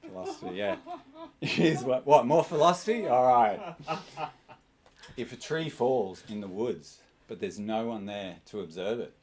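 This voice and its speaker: A man doing stand-up comedy in a small club, with an awkward, self-mocking delivery. His pitch swoops widely as he talks. He keeps laughing at his own punchlines. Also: lively intonation, unhurried, a little mellow.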